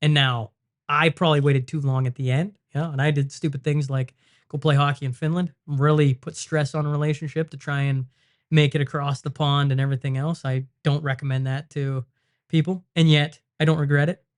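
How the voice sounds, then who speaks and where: A man from Canada, a podcast guest, talking in a reflective, halting way with many fillers. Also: a little high, little pitch movement. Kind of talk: casual conversation.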